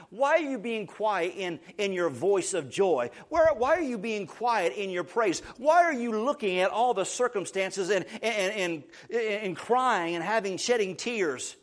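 Male pastor, high voice, preaching, repeats himself for emphasis, shifts from hushed to loud. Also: lively intonation, measured pace, hardly any pauses. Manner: repeats words while building emphasis. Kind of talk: sermon.

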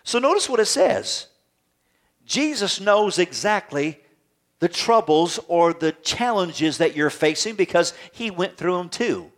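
A man's voice: sits high, unhurried. Conversational male preacher, tenor-ish. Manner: lively, conversational preaching with frequent rhetorical questions. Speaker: pastor. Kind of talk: sermon. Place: church service with congregation.

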